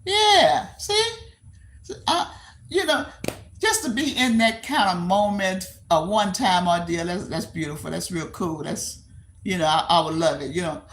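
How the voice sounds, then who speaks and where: A woman's voice: fairly low pitch, animated, moderate pace, a little hiss or hum. An older woman from Texas with a Texan accent, hosting a livestream and chatting with her viewers. She rambles, repeats herself, laughs easily and answers comments aloud. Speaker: livestream host. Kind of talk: casual chat with live viewers.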